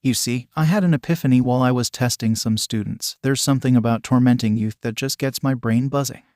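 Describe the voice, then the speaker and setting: A man's voice: mid-range voice, fairly quick, darkish tone, dry recording, clean studio sound, close to an everyday voice. A man voicing a gleeful, scheming male animal principal who loves mischief. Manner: cackling, delighted by mischief.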